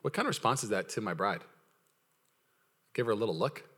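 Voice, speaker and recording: Bright-voiced, lively male pastor preaching. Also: lowish voice, a little fast, a little hiss or hum. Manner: energetic, playful preaching with audience call-outs; acts out quoted voices in storytelling. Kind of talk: sermon.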